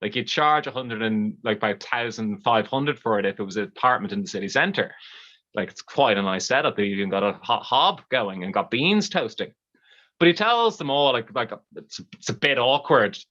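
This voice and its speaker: An Irish storyteller spinning a bawdy comic tale in a loose, chatty way. The voice is bright and forward, and the livestream audio is a little dull. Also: mid-range voice, normal speed. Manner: bawdy, lively and conversational.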